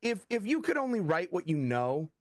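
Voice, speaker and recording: Man, middle-aged, American, animated storyteller, acts out dialogue, fairly high pitch, dry recording. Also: moderate pace, dry recording. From USA. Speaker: thriller author guest. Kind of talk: casual interview talk.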